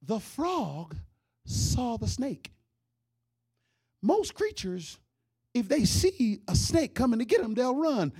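Animated, high-voiced male comic storyteller. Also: slow, pauses often, husky, no room sound, clean studio sound. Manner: animated, with loud outbursts and laughs. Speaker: comedian. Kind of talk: comedic storytelling.

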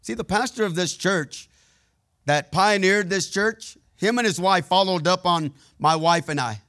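A preacher with a somewhat high voice delivers a conversational sermon, trading quick asides with his congregation. He tells his own stories candidly and plainly, keeping the tone personal rather than formal. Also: bright, forceful tone.

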